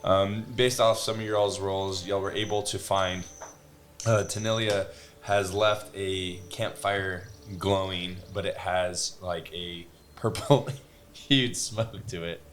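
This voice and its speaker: A man narrating as game master, halting and relaxed, with many fillers. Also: deep voice. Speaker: dungeon master.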